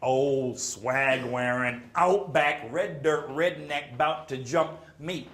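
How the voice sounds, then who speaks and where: A man performing spoken word poetry on a gallery stage, rhythmic and theatrical, swinging between loud bursts and hushed whispers. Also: mid-range voice, slow pace. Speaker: slam poet. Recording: roomy live gallery sound, faint ambience.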